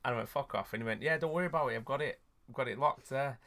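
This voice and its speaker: A man with a mid-range, slightly bright voice talks rapid-fire while hosting a podcast. He tells a rambling, sweary story in a casual chat, laughing often.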